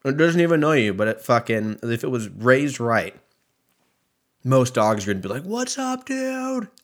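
A young man rambling through a solo podcast monologue, swearing freely and poking fun at himself. His voice sits at an ordinary middle pitch and he drifts from thought to thought. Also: normal speed. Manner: profane, rambling, self-mocking. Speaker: podcast host. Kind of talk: casual solo podcast rant.

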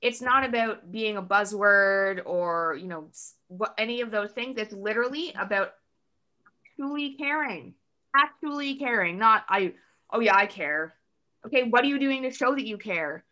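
A woman chatting as a podcast guest, talking in a loose, fast way with many "like" fillers and acting out quotes in lively voices. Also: on the high side. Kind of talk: casual podcast conversation.

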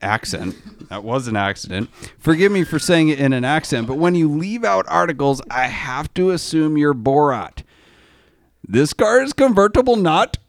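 A man's voice: fairly high pitch, lively intonation, moderate pace. A man hosting a casual automotive talk show, telling stories in a blunt, joking way with casual slang. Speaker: podcast host. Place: podcast studio.

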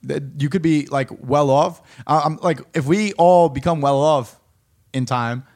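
A man's voice: a little high, measured pace, a little mellow. A man co-hosting a podcast in casual chat, rambling with restarts. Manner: rambling, many fillers and restarts. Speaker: podcast co-host.

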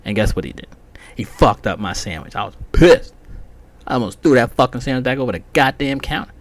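Profane man ranting with lively pitch. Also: brisk. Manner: profane, heated storytelling. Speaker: podcast host. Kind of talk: casual solo podcast rant.

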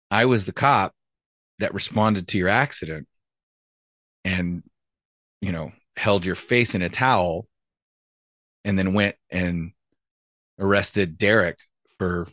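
Deep-voiced man telling a cop story. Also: a bit bright, no room sound. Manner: blunt, profane, conversational. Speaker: retired police officer, podcast host. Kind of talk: casual storytelling.

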